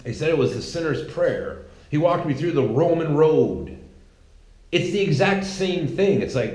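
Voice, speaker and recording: A man's voice: on the high side, animated, measured pace, a little mellow. A man hosting a podcast, talking through a casual opinion monologue in a rambling, sarcastic way with many restarts. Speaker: podcast host. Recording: roomy echo.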